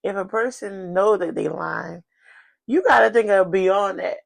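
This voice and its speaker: Gravelly, animated woman podcast co-host. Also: medium pitch, unhurried. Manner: animated, exclamatory, advice-giving. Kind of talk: casual chat.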